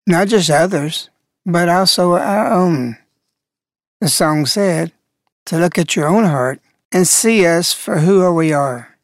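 Slow, measured woman narrating devotion. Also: fairly low pitch, dry recording, clean studio sound. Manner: measured, reflective reading.

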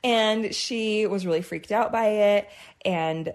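A woman's voice: medium pitch, slow pace. A woman in her thirties co-hosting a podcast, telling a story in a casual chat and laughing along. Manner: chatty, laughs while telling stories. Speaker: podcast co-host.

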